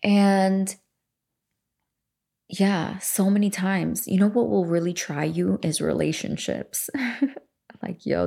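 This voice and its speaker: A woman in her forties hosts a self-help podcast from home, talking in a loose, rambling, candid way and swearing without a pause. Her voice sits a little low, with a gravelly, husky texture. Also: mellow. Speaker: podcast host. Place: home room facing a lake.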